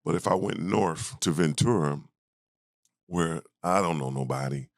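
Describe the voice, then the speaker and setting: A man in his fifties with an extremely deep voice tells a story from his past in a relaxed interview. He acts out the other people in it with bursts of higher, livelier voices. The sound is dry and close. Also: a little slow, gravelly, dry recording. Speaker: guest, former basketball player.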